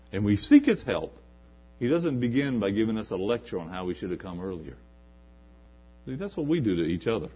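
A man's voice: low-pitched, husky. A man preaching a sermon in a church, building to emphatic peaks and acting out quoted asides. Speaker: pastor. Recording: dull lo-fi recording.

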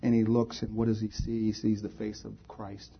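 A man's voice: on the low side, completely flat delivery, moderate pace, creaky, muffled recording. A male preacher at a church service, giving an altar call and closing prayer in a pleading, inviting way. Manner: pleading, invites hands raised.

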